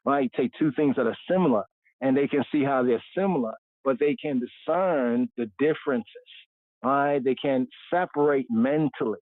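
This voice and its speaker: A man's voice: medium pitch, no room sound. A man leads a livestreamed scripture lesson, and his voice comes through a thin, tinny, phone-like line with no room sound. He stretches out foreign words and says them again and again. He often stops to ask "right?". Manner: drawn-out repetition of Hebrew words, frequent "right?" check-ins. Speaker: host teaching scripture and Hebrew. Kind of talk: livestreamed Bible study.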